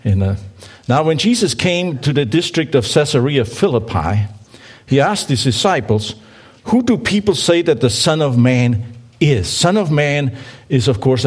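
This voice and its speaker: In an animated, slightly rough mid-range voice at normal speed, a man delivers a conversational church sermon. He reads scripture aloud and invites the congregation to join in, tossing in playful asides to them.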